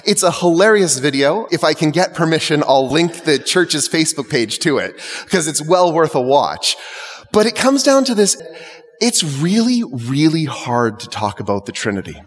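A man's voice: a little high, big pitch swings, moderate pace. A male clergyman preaching a sermon to his congregation in a conversational, lightly humorous way. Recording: long church reverb.

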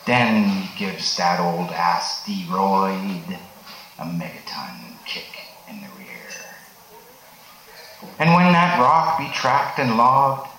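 A man's voice: low voice, pushed and bright. A man voicing a boastful, hard-drinking male asteroid miner who talks like a pirate, reciting rhymed verse in the cowboy-poetry manner at a live open stage. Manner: rhyming cowboy-style verse in pirate dialect. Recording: echoey open stage with room noise.

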